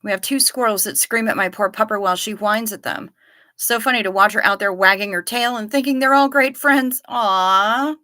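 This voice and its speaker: A woman's voice: mid-range voice, normal speed, bright, forceful tone. A woman hosting a casual livestream, reading viewers' comments aloud and chatting back to them in a friendly, apologetic way. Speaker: livestream host reading chat.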